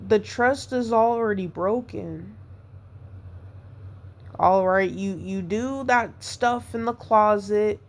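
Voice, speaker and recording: A woman's voice: mid-range voice, slow. A woman talking through a painful breakup on her podcast, hurt and rambling, repeating herself as she vents. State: upset, devastated. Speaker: podcast host. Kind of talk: personal venting monologue.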